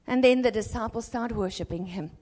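A woman preacher giving an impassioned sermon in a church, swinging between urgent exhortation and hushed storytelling. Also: a little high, brisk, in a large hall.

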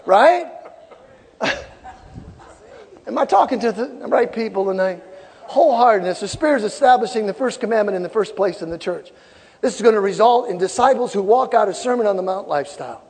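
Middle-aged male pastor, husky high voice, impassioned sermon, long hall echo. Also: fairly quick, long pauses. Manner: animated preaching, shouting peaks, repeated phrases. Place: large church sanctuary.

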